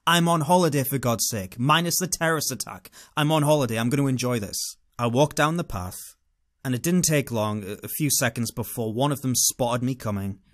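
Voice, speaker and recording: A man with a British accent tells a personal story in a casual monologue, speaking with animated, sardonic delivery. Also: medium pitch, fairly quick. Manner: animated, sardonic, dramatic inner-voice asides. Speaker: vlogger.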